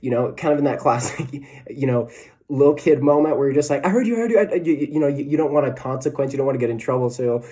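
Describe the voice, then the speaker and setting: A man's voice: medium pitch, fairly even intonation, quick pace, warm tone. A man in his twenties preaching a casual, conversational sermon as a pastor, with self-deprecating asides and frequent "right?" tags. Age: 20s.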